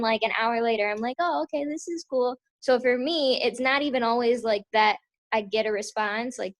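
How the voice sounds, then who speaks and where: A woman in a casual faith chat, speaking hesitantly with many fillers. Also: fairly high pitch. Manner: hesitant, lots of likes and ums.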